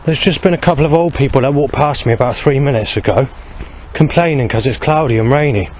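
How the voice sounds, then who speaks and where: A man's voice: medium pitch, fast, a little mellow, low-quality recording. Agitated man in his forties rambling outdoors. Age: 40s. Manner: agitated, aggrieved, repeats and restarts himself. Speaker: vlogger. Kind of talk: rambling outdoor monologue to camera. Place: outdoors by a road under a bridge. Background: passing traffic.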